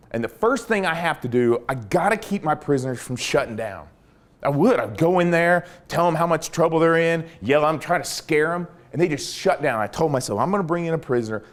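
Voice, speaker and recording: Animated man telling a war story. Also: on the high side. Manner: animated storyteller, acts out dialogue. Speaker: former army interrogator. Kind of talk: storytelling talk.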